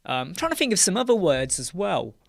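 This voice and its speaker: A high, gravelly male voice, very animated and brisk, comes from a British host in the United Kingdom. He rambles through a casual live chat stream with plenty of filler words, often ending points with "right?". He sits in a small dark room with sound panels, and there's no echo.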